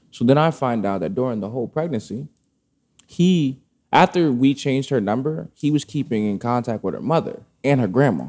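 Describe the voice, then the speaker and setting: A man's voice: medium pitch, lively intonation, moderate pace, darkish tone. A man in a casual chat, telling a long personal story in a rambling way, full of fillers and swearing. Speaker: podcast guest telling a story.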